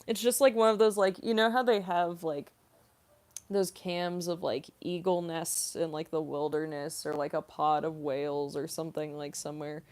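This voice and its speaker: A woman's voice: low voice, steady tone, normal speed, a little mellow. A young woman, a voice actress, chatting casually on a livestream as she answers viewer questions. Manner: chatty, giggly, heavy on "like". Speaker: voice actress, streamer.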